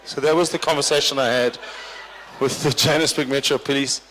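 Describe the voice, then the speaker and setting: A man's voice: medium pitch, steady tone, fairly quick, a bit bright, a little hiss or hum. A man doing stand-up as the MC of a corporate party, teasing the audience in a dry, bantering way. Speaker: comedian and event MC. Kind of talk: live stand-up crowd work. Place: large hall at a corporate function. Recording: long hall reverb.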